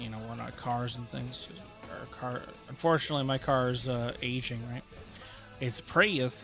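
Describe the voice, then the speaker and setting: A man's voice: medium pitch, gravelly, fairly bright tone. A man streaming a game live, chatting casually to his viewers in a rambling way, full of joking asides. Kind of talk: casual gaming stream chat.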